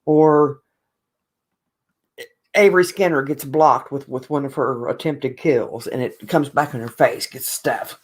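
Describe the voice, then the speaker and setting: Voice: mid-range voice, measured pace. A podcast co-host, ranting with strong opinions in casual sports chat.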